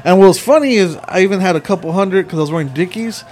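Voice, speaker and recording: A man chiming in on a friends' conversation, loose and chatty, with plenty of "like" and "uh". His voice is a touch higher than most men's. He keeps the tone easygoing and conversational. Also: fast, darkish tone. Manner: chatty, swearing, frequent filler "like" and "uh". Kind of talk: casual chat.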